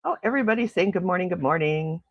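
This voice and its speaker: A woman's voice: on the low side, expressive, fast, dry recording, lo-fi sound. A chatty, exclaiming woman hosting a casual morning livestream from home at a desk microphone, reading out and answering viewer comments. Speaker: livestream host. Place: home in snowy Milwaukee.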